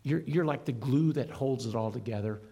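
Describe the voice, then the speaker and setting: Preaching a sermon, this middle-aged pastor sounds earnest and emphatic, swinging his voice up and down to drive points home. His voice is mid-range, mellow and slightly rough, at a moderate pace.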